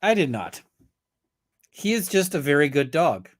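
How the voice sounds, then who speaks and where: A man, a lawyer guest on a casual online panel, joking in a dry deadpan way over a video call. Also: a little high, measured pace, no room sound.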